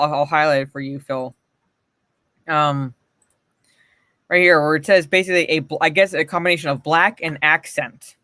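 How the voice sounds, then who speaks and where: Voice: mid-range voice, sharp tone, dry recording. A livestream host talking casually to chat, blunt and profane, often laughing and greeting viewers by name from a home streaming setup.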